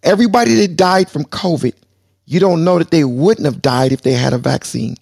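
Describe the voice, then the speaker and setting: A man's voice: a little high, brisk, gravelly, a little mellow, husky, dry recording, studio quality. A man hosting a heated panel debate, arguing hard, repeating himself and talking over the others. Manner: argumentative, repeats phrases, talks over others. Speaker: host.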